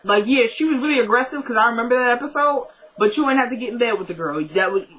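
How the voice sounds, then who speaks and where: A woman's voice: on the high side, animated, fast, fairly bright tone, low-quality recording. A woman casually recapping a TV episode in a chatty, opinionated way, talking back to the characters as she goes. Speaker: TV recap vlogger.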